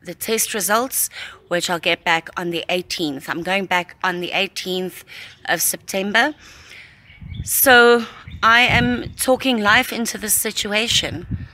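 Slow-talking pregnant woman vlogging. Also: medium pitch, pushed and bright, slight background noise. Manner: heartfelt, chatty, reflective. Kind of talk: casual vlog chat. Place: at a hospital, partly outdoors.

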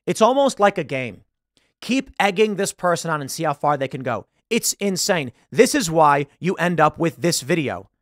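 A male host delivers emphatic, agitated political commentary in a high, very lively voice. The recording is close and dry. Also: dry recording. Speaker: show host.

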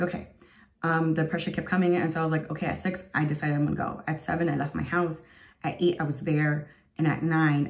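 A woman's voice: low-pitched, darkish tone. A woman in her thirties giving an earnest, emotional spoken testimony as a vlogger, rambling with lots of fillers. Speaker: faith vlogger.

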